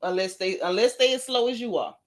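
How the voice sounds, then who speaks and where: A woman's voice: fairly high pitch, brisk. A woman hosting a gossip vlog in casual chat, reading viewer comments aloud and answering them with sassy, blunt, teasing remarks.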